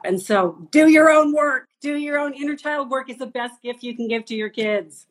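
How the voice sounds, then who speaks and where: A woman's voice: high voice, normal speed, hardly any pauses. A woman hosting a casual conversation, affirming her guest with enthusiasm. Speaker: host.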